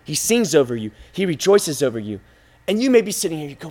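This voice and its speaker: A man with a notably high voice preaches a sermon. He repeats phrases for emphasis and moves between quiet, intimate lines and loud, driving appeals. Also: sing-song, fast. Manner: impassioned, repetitive, swings from hushed to loud.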